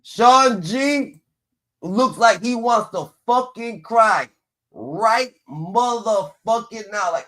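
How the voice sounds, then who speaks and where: A man's voice: sits high, animated, slow, pushed and bright. A man streaming a profane, mocking rant in reaction to clips, padding his lines with repeated filler chants. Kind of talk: ranting reaction commentary.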